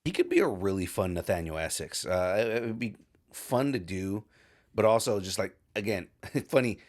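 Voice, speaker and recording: Man, very deep voice, podcast co-host, casual chat, halting with fillers. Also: animated. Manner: hesitant, many fillers and restarts.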